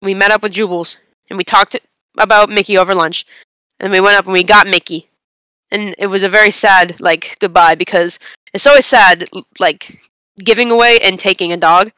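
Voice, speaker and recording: A young woman on a casual podcast, telling a long story in an animated, rambling way with bursts of laughter. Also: mid-range voice, moderate pace, clear, resonant tone, no room sound. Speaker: podcast co-host.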